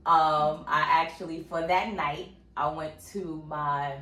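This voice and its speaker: A woman's voice: deep voice, slow. A middle-aged woman, a podcast co-host, casually telling a personal story and acting out what others said. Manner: storytelling, animated quoting of others. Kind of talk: casual chat. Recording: roomy, distant mic.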